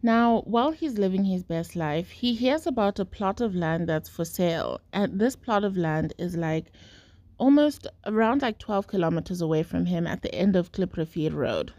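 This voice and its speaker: A woman's voice: lowish voice, lively intonation, moderate pace, darkish tone, no echo. A young woman, telling a true-crime story in a casual, rambling way, full of fillers and asides. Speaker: podcast host.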